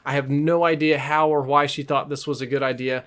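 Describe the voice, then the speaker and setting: A man vlogging, telling a story in a casual, amused and animated way. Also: mid-range voice, a little fast. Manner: animated, amused, self-mocking.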